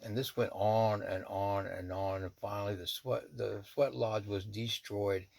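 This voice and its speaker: Gravelly low-voiced man telling a story. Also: unhurried. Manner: blunt, profane, animated storytelling. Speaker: shaman. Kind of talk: personal storytelling.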